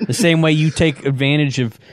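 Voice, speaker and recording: Deadpan co-host man, dry sound. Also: a little high, a little fast, dry recording. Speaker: podcast co-host. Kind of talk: casual podcast chat.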